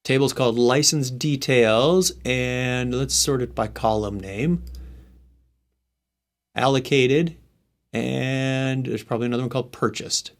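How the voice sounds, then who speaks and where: A man hosting a casual live tech stream, talking himself through each step and trailing off into muttered asides. He has the hiccups, and his pitch sits in the middle for a man. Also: a little slow. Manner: thinks aloud while typing, muttering asides. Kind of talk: casual screen-share tech walkthrough.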